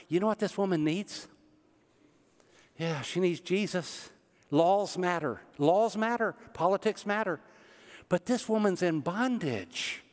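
A man delivering a sermon, his fairly high voice rising into loud, emphatic preaching and then dropping into quiet, chatty asides. His words ring out with a long reverb from a church hall. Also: measured pace. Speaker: pastor.

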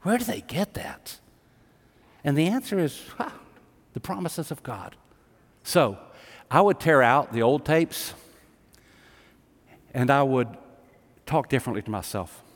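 This live sermon features a male pastor speaking emphatically yet conversationally to his congregation, his mid-range voice expressive and measured, with frequent pauses. Long hall reverb surrounds his words.

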